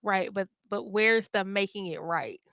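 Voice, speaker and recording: A woman's voice: medium pitch, a little slow, no room sound, studio quality. A woman co-hosting a casual podcast chat, telling stories expressively and acting out the people she quotes. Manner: expressive storyteller, acts out quoted voices. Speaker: co-host.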